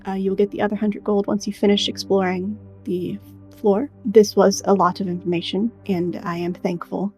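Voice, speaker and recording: A woman's voice: mid-range voice, level tone, moderate pace, mellow, soft background music, natural voice. A woman voicing a huge, blunt male orc general in a tabletop game, dry and sarcastic. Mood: grudging.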